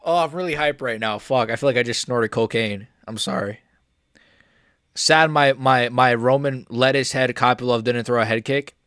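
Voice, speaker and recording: Dude reacting to a fight live, rambly and swearing, dry close sound. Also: male voice, medium pitch, normal speed, a bit bright, clean tone, dry recording. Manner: casual, profane, rambling. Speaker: live stream host.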